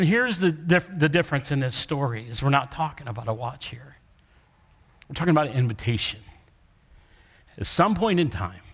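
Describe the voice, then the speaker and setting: A man's voice: fairly high pitch, sharp tone. A middle-aged man preaching a sermon in a church, conversational and joking with his congregation as he tells a story. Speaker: pastor. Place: church sanctuary. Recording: long hall reverb.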